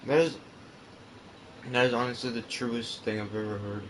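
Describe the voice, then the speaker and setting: A man commenting on his own gameplay, frustrated and cursing, often dropping into low mutters. His voice is mid-pitched. Clear background noise runs behind him. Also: steady tone, moderate pace, pauses often. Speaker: gaming channel host.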